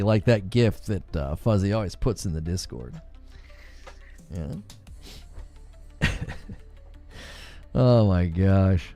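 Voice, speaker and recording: A man's voice: low voice, slow pace, long pauses, mellow, dry recording, soft background music. A man hosting a livestream, chatting casually and joking with his chat, laughing often and reading comments aloud. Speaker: livestream host.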